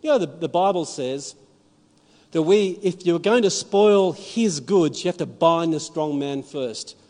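Pastor preaching in a reverberant hall. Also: male voice, on the high side, expressive, a little slow, a little mellow. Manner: storytelling, rising to emphatic preaching. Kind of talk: sermon. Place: church. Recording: long reverb of a church hall.

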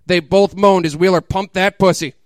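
A man with a high, smooth, clear voice reads crude fiction aloud in a mock-dramatic style. He keeps laughing and breaking off into incredulous asides. The sound is close and dry. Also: fairly even intonation, moderate pace, no echo. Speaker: comedic reader.

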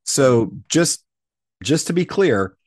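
A man's voice: mid-range voice, big pitch swings, slow pace. A man co-hosting a podcast, chiming in with playful, joking questions.

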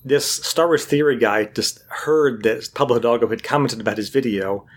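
A man's voice: medium pitch, normal speed. A man in casual chat, telling a long story and acting out what other people said. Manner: animated storyteller, acts out quotes.

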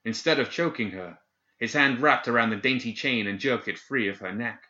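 A man narrating a dark fantasy story in a measured, dramatic reading. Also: medium pitch, echoey room. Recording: dull lo-fi recording.

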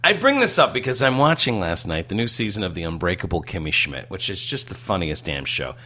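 Lively, bright-voiced male podcast co-host. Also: low-pitched, a little fast. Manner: animated storyteller who laughs while telling it. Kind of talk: casual podcast banter.

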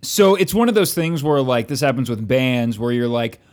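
A man hosting a relaxed podcast conversation who asks the questions. He teases his guest dryly and talks at an ordinary pitch. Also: normal speed. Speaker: podcast host. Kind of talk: casual chat.

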